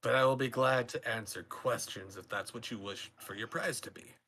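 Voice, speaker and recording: A man voicing a sly male orc gambler who talks smoothly and persuasively in a tabletop game. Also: mid-range voice, normal speed, pushed and bright. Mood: coaxing.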